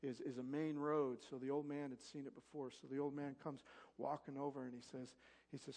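A male pastor preaching a sermon, swinging from loud emphatic peaks to soft storytelling. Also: medium pitch, flat delivery, a little fast, hardly any pauses. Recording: long reverb of a large hall.

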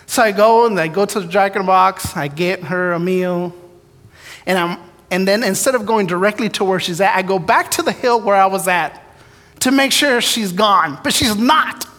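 A preacher gives his testimony as a storytelling sermon in a church sanctuary, where a large hall's long echo trails his words. His voice sits high and a bit bright at a moderate pace. Candid and self-deprecating, he acts out his prayers and the story's dialogue.

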